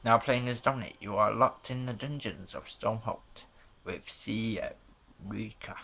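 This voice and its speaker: Man reading game narration aloud, flat and gravelly, slow. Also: fairly low pitch. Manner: flat, unhurried reading with small stumbles.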